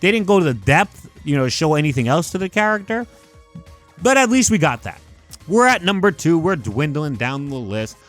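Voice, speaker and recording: Animated young man ranting with lots of "like". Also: on the high side, normal speed, faint music behind. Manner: animated, heavy use of "like", emphatic rants. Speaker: YouTube movie commentator. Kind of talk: casual ranking commentary.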